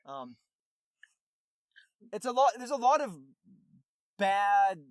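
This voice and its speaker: High-voiced man rambling on a podcast. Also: big pitch swings, slow, smooth, no echo, clean studio sound. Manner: rambling, lots of fillers and restarts. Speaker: podcast co-host. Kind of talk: casual podcast chat recapping a movie.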